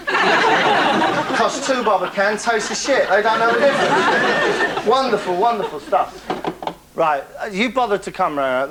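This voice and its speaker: A man's voice: on the high side, noisy background. A man hosting a comic monologue, boastful and rambling, chuckling at his own stories. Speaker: comedy character host.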